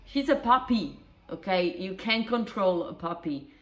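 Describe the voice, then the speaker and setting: A woman's voice: mid-range voice, lively intonation, measured pace. A woman vlogger chatting casually and rambling, swearing now and then. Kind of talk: casual vlog chat. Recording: roomy echo.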